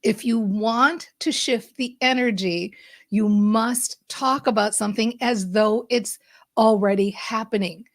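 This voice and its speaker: A woman hosting a podcast, giving an upbeat, emphatic motivational monologue that speeds up and slows down for effect. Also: on the high side, fairly even intonation, no room sound, studio quality. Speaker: podcast host and mindset coach.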